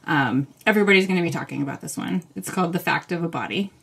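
A woman's voice: lowish voice, expressive, fast talker, gravelly, a bit bright, breathy edge. Gushing woman podcast co-host. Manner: enthusiastic, gushing, laughs easily. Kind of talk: casual book chat.

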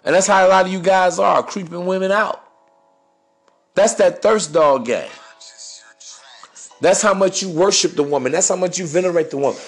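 A man's voice: high voice, gravelly. Swaggering man preaching dating advice. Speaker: podcast host.

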